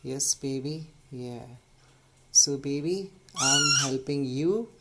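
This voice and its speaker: A man, a bird rescuer, speaking softly and soothingly to an injured baby bird while explaining its care. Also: a little high, wildly swooping pitch, slow pace. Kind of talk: casual vlog narration. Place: at home, indoors. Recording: noisy home recording.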